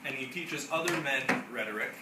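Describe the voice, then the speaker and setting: A young man talks a small group through a reading in a loose, rambling way, full of fillers and restarts. He is picked up from some distance by the mic. The room rings with echo, and steady background noise sits under his voice. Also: medium pitch, a little fast. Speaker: discussion leader presenting to a study group. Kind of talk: casual classroom presentation.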